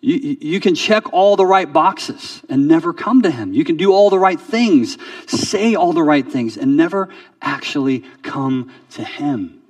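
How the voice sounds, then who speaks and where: A man preaching a sermon in a conversational way, often repeating words and dropping to a soft voice for emphasis. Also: a little high, animated, a little slow, no echo, far from the mic. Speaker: pastor.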